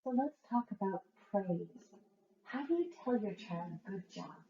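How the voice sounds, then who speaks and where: A woman's voice: mid-range voice, animated, a little slow. A woman, a writing educator, giving a masterclass lecture with earnest, emphatic advice to parents. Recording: echoey room, dull lo-fi sound.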